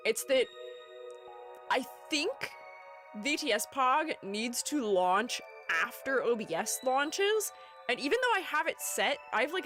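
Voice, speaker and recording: A young woman, a streamer and art educator with a fairly high, somewhat bright voice, chats casually on her live stream, rambling playfully and often dissolving into giggles.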